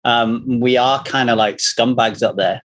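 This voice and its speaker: This man from Manchester, England speaks with a Northern English accent at a medium pitch and a slightly slow pace. Chatting casually, he's a lively storyteller whose stories are blunt and full of free swearing.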